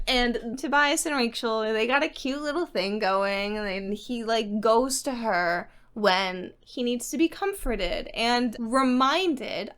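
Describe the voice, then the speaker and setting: Bright, high-voiced excitable woman. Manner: excitable, emphatic, swears casually. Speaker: reading vlogger. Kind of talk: casual book recap and review.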